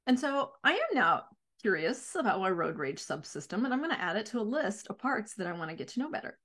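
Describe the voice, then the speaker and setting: A middle-aged woman therapist speaking candidly in a reflective talk, lively and acting out her own inner voices. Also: mid-range voice, fast talker.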